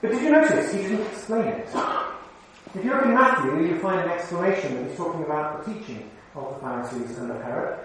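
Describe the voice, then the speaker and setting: A man with a fairly high voice preaches a conversational sermon, turning to the congregation with questions. His voice rings through a very echoey hall, picked up from well away from the microphone, with faint room sound behind. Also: expressive, brisk, fairly bright tone, a little hiss or hum. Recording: very echoey hall, mic far off.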